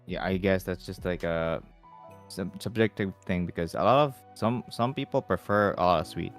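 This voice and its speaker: A man's voice: deep voice, normal speed, faint music behind. A man chatting casually on a stream, easygoing, often restarting his sentences. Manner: hesitant, many restarts and fillers, easygoing.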